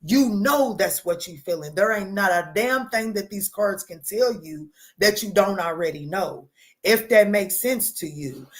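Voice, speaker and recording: A woman giving a live tarot reading, talking straight to her viewers in an animated, emphatic way, using pet names and casual swearing. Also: medium pitch, a little slow. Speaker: tarot reader answering live chat.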